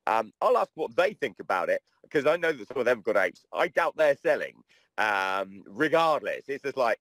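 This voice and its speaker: A man's voice: medium pitch, big pitch swings, normal speed, a bit bright, no room sound. A man in casual podcast chat who speaks bluntly and swears freely.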